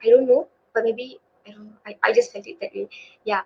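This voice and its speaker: A woman's voice: a little high, fairly even intonation, fairly quick, creaky, slightly rough. A young woman from Malaysia with a Malaysian accent gives a casual student webinar presentation, full of fillers. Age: young adult. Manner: chatty, filler-heavy, casual. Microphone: video call. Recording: dull lo-fi call audio.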